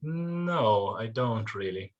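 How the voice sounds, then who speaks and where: An Irish man talks as a guest in a relaxed conversation. He is animated, laughs easily and jumps in quickly with reactions. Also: fairly low pitch, lo-fi sound. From Ireland. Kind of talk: casual podcast chat.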